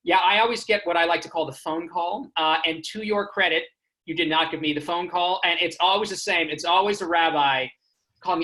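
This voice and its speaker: A man's voice: fairly high pitch, brisk, sharp tone, poor audio. A man from Houston, Texas doing a stand-up comedy set with self-deprecating storytelling. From Houston, Texas, United States. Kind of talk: stand-up comedy on a remote stream.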